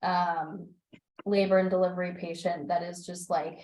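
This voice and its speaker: Animated young woman on a roomy video call. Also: lowish voice, normal speed. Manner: animated, laughing, quotes herself in lively voices. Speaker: book club member. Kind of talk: casual chat on a video call.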